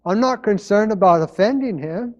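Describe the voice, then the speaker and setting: A man's voice: high voice, expressive, normal speed, a little mellow, muffled recording. A man preaching a sermon as pastor, in an earnest manner, repeating his key phrases.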